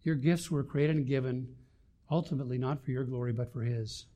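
An older man preaching a sermon, swinging between loud emphasis and quiet asides. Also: mid-range voice, a little fast, lo-fi sound. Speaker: pastor.

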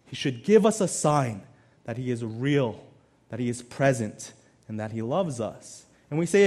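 A male pastor preaching a sermon, swinging between loud emphasis and quiet, low asides. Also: expressive, measured pace.

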